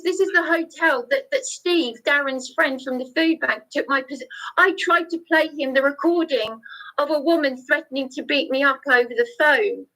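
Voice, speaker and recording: A distraught English woman, near tears, pours out her troubles on a phone call. Her voice is high-pitched and sharp, and she stammers through restarts and raises her voice.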